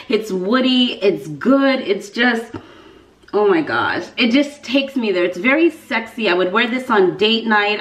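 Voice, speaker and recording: A woman talking casually to her viewers, animated and playful, leaning on emphatic repeats. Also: a little high. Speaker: fragrance reviewer. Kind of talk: casual vlog review. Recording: echoey room.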